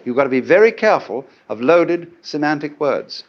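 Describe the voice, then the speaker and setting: A man's voice: fairly high pitch, sing-song, moderate pace. A middle-aged man giving a conversational philosophical lecture, musing aloud and asking rhetorical questions. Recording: dull lo-fi archival lecture tape.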